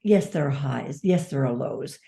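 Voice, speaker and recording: A woman's voice: rumbling low, expressive, moderate pace, vocal fry, warm tone. A woman who is an author and dementia advocate, speaking as an interview guest in an earnest, reflective way, stressing key words. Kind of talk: conversational interview.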